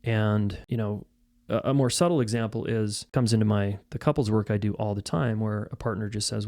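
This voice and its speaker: A man's voice: lowish voice, steady tone, fairly quick, a little mellow. A man giving relationship advice straight to camera, blunt and emphatic, talking casually with frequent restarts. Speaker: relationship coach. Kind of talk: direct-to-camera advice talk.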